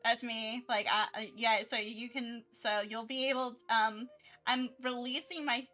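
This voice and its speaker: A woman's voice: on the high side, steady tone, unhurried, bright, forceful tone, faint music behind. A woman streamer chatting casually during her art livestream, rambling with many restarts and frequent giggles.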